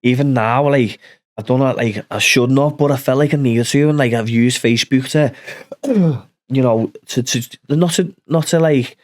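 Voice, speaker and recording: A man who is a podcast guest, talking in a halting way, often stopping to restart with "like" and "you know". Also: mid-range voice, a little mellow. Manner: halting, full of "like" and restarts, tells his story. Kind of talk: casual chat.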